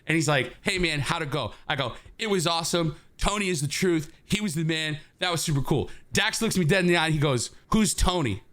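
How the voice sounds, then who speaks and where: Fast, bright-voiced man telling a story. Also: on the high side. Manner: animated, laughs through his story, acts out quotes. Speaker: podcast co-host. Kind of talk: casual storytelling chat.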